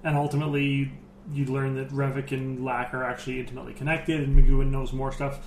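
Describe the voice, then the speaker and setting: A man's voice: medium pitch, little pitch movement, fast talker. A man co-hosting a casual podcast chat, teasing his co-host with dry sarcasm. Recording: echoey room, faint noise.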